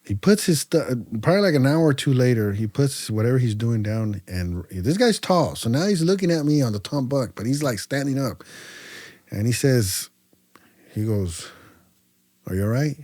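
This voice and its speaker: Man telling a story with a mellow voice. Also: mid-range voice, moderate pace, dry recording. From Central Valley, California. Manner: animated storyteller who acts out dialogue, slangy, many fillers. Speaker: podcast guest. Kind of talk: casual storytelling interview.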